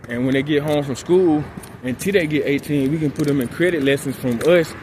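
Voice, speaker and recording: A man vlogging while he walks outdoors at night, talking in a calm, laid-back, slangy way. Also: on the high side, fairly quick. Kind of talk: casual motivational talk while walking. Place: outdoors at night, walking laps. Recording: outdoor street noise. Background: traffic and outdoor ambience.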